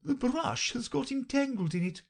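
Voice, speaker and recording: A woman reading an audiobook, voicing a flustered, untidy, melancholy queen in a high, plaintive voice. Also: very animated, a little slow, darkish tone, breathy edge, exaggerated voice.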